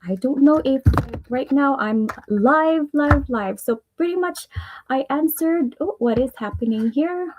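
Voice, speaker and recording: A woman's voice: high-pitched, a little slow, background noise. A woman with a Filipino accent hosting a casual live stream, chatty and earnest as she shares personal affirmations, rambling a little with restarts and small laughs. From Philippines.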